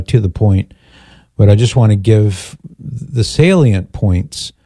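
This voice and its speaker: Older guy radio host, earnest, stops and restarts a lot, mellow tone. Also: fairly low pitch, dry recording, clean studio sound. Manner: earnest, reflective, halting restarts. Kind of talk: call-in radio talk.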